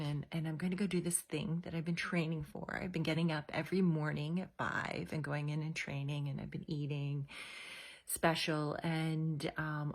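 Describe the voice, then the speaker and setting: A woman's voice: deep voice, steady tone, a little slow. A woman in her forties telling a personal story in a casual, confiding way, with many fillers. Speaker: host.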